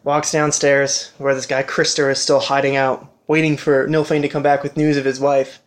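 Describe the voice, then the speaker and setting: A man who co-hosts a podcast, casually retelling a game playthrough in an animated, conversational way. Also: medium pitch, normal speed. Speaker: podcast co-host.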